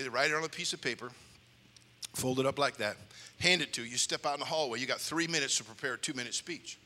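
Bright-voiced preacher telling a comic story in a hall. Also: male voice, fairly high pitch. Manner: animated storyteller with comic timing and character voices. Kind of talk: humorous sermon storytelling. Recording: long hall reverb.

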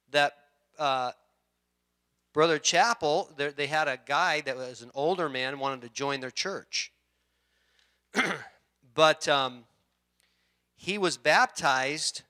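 A middle-aged male pastor gives a sermon in a bright, forceful voice set a little high. He talks in a loose, conversational way, restarting sentences and clearing his throat now and then.

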